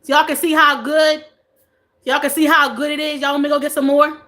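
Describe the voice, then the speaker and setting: A woman's voice: sits high, level tone, fairly quick, pushed and bright. A woman in her forties hosting a casual live stream, chatting playfully with viewers, reading their comments, and laughing often. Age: 40s.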